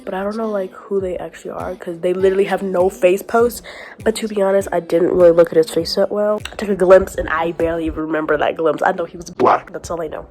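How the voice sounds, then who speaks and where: Over faint background music, a young woman with a medium-pitched, slightly mellow voice chats about her week in a casual vlog. She laughs often and keeps saying "like", her throat scratchy and sore, with a cough.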